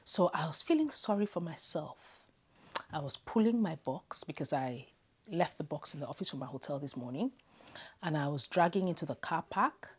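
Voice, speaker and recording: A woman from Zimbabwe recounts a personal story, close to tears. Her low, husky voice often sinks into a whisper, heartfelt and raw. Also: expressive, normal speed, a little mellow. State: tearful. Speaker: vlogger. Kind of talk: emotional storytelling to camera.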